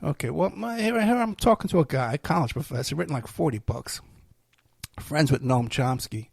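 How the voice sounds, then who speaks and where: A man hosts his own show and rambles through a sarcastic, self-mocking rant. His voice is gravelly and husky, sitting a little high for a man. The sound is close and dry. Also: expressive, moderate pace, darkish tone, dry recording. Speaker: host. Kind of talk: casual ranting monologue.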